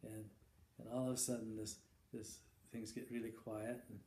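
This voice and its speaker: A man telling a long shaggy-dog joke, halting and repeating words, chuckling now and then. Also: on the low side, flat delivery, dark tone, a little hiss or hum. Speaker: joke teller. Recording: echoey room with faint ambience.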